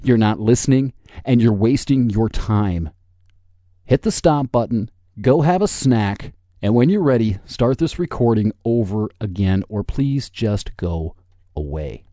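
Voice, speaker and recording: Guy in his 40s ranting on his podcast, sarcastic, swears a lot, mellow voice that swoops up and down. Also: lowish voice, lively intonation, measured pace, dry recording, clean studio sound. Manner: sarcastic, combative, profane. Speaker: podcast host. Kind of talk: solo podcast rant.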